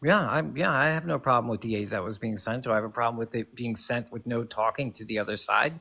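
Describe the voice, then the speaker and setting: A man's voice: mid-range voice, fast, gravelly, sharp tone. Defensive man arguing in a debate. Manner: defensive, hesitant with fillers. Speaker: debate guest. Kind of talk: heated political debate.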